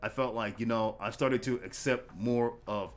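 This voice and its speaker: A man hosting a casual interview podcast, talking in a halting way with repeated words and lots of fillers. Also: medium pitch, faint music behind. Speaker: podcast host.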